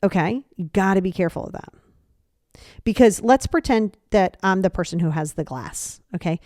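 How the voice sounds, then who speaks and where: A woman hosting a podcast, giving casual advice and acting out example dialogues in quick quoted voices, repeating phrases for emphasis. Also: medium pitch, animated, warm tone, dry recording, clean studio sound. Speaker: podcast host.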